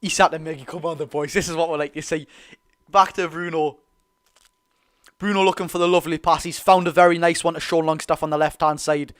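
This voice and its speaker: A young man with a Geordie accent giving live, excitable fan commentary on a football match, swinging between loud cheering and low muttering. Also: brisk, smooth. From North East England. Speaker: football watch-along host.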